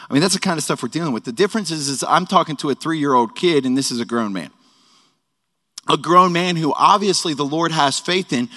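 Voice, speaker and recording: A man's voice: on the high side, fairly quick, sharp tone. A man in his thirties teaching a sermon at a worship service, casual and joking, with frequent conversational asides. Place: worship hall. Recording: echoey hall reverb.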